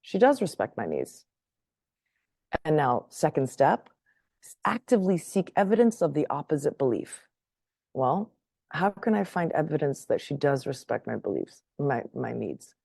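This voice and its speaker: Low-voiced woman telling a lively story. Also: moderate pace, creaky, husky, dry recording, clean studio sound. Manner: animated, laughs often, keeps checking in with "right?". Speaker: podcast guest. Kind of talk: casual storytelling in conversation.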